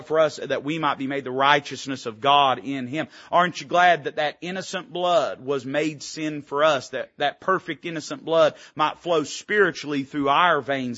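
A man's voice: medium pitch, a bit bright, no room sound, highs cut off. A man preaching a sermon as pastor, folksy and emphatic, throwing out rhetorical questions to the congregation. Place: church sanctuary.

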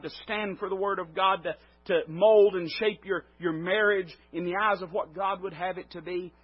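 Husky-voiced man preaching a sermon. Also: high-pitched, fairly even intonation, normal speed. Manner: emphatic, swelling and dropping in volume. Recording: dull lo-fi recording.

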